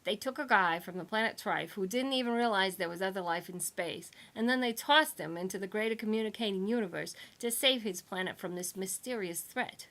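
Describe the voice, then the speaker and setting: A woman voicing a gruff, dismissive young female space salvager. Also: mid-range voice, brisk, few pauses, a bit bright, natural voice.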